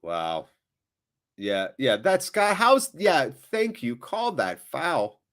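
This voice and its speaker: A man's voice: medium pitch, wildly swooping pitch, slow pace. Chatty man hosting a live match watchalong. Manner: chatty, reacts loudly to big moments. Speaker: watchalong host. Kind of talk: live match commentary and chat reading.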